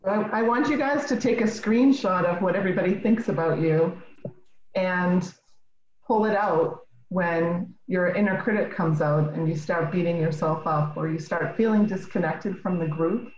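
A woman leading a casual group session over a video call, encouraging and unhurried. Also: on the low side, a little mellow, echoey room, highs cut off, a little hiss or hum. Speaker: group facilitator.

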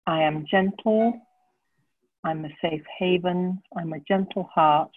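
A woman on a video call reading a flowing list of gentle affirmations about herself. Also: lowish voice, takes it slowly, slightly rough, no echo, narrow, tinny audio. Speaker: group participant.

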